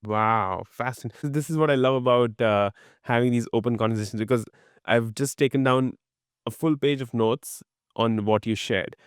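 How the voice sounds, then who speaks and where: Smooth-voiced enthusiastic male host. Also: medium pitch, normal speed, no echo, clean studio sound. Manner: enthusiastic, appreciative. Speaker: podcast host. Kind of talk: interview conversation.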